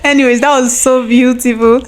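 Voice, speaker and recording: A woman's voice: on the high side, steady tone, fairly quick. A woman with a Nigerian accent hosting a podcast and asking her guests eager questions. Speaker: podcast host. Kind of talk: interview chat.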